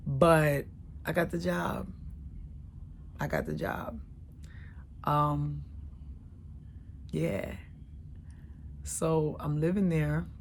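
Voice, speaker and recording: A middle-aged woman telling a candid, emotional personal story, dropping to a hush and rising loud by turns. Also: low voice, creaky, a little hiss or hum. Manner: candid, emotional, swings between hushed and loud.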